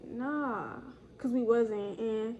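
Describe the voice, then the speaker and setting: A young woman telling a casual story from her own life, slangy and animated, acting out the people she quotes. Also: a little high, moderate pace, slight background noise. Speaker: storytime vlogger.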